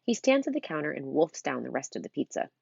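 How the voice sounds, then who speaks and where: A woman's voice: low-pitched, sing-song, fast talker, creaky, darkish tone, breathy edge, no room sound, muffled recording. A middle-aged woman reading a children's novel aloud, with chatty, punny asides to her listeners. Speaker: storybook reader.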